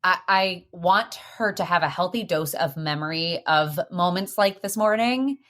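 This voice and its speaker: A woman's voice: on the low side, moderate pace. A young woman hosting a podcast, chatting casually and acting out quotes as she tells stories. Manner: animated storytelling, acts out quotes. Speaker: podcast host. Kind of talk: casual chat.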